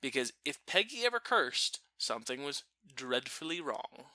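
A man telling a family story in a casual chat, animated and often breaking off to restart his sentences. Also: medium pitch, moderate pace, dry recording. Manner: animated, self-interrupting.

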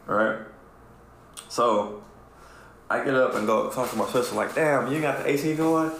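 A man with a gravelly, fry-laced voice tells a story on a podcast, loose and profane, and acts out the lines of the people in it. The room is very echoey, with a faint hum of ambience behind him. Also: medium pitch, normal speed. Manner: animated, profane storyteller who acts out quotes. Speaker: podcast co-host. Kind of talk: casual storytelling chat.

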